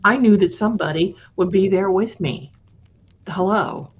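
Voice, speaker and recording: Female storyteller host, husky, mid-pitched, chatty live-stream delivery with hushed asides, muffled lo-fi sound. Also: moderate pace. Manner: chatty, drops to a hushed voice for tense moments; addresses viewers fondly. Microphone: live-stream mic. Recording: dull lo-fi stream audio.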